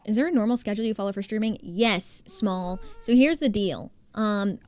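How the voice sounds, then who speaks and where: A woman's voice: medium pitch, normal speed, a little mellow. A young woman streamer chatting casually with her viewers while playing a building game, swearing freely and making fun of herself. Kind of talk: casual live-stream chat while gaming.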